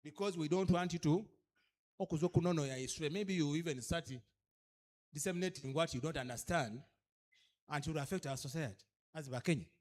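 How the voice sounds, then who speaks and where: A Ugandan-accented man delivers a training lecture in a voice pitched a little high. He is emphatic and keeps pressing his listeners with one rhetorical question after another. He moves easily between English and a local language. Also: brisk, long pauses, darkish tone. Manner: emphatic, fires repeated rhetorical questions at the audience. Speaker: speaker at a cultural leaders' orientation.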